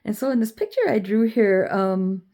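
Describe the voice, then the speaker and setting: A woman's voice: mid-range voice, sing-song, moderate pace, dark tone. A woman vlogging in a casual, meandering monologue full of ums and you-knows as she shows her drawings.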